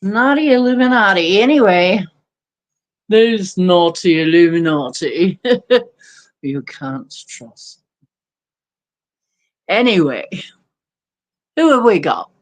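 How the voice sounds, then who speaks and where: A woman's voice: medium pitch, big pitch swings, slow pace, pauses often. A woman hosting a casual livestream of readings, joking playfully and giggling to herself as she greets viewers. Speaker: livestream host giving readings.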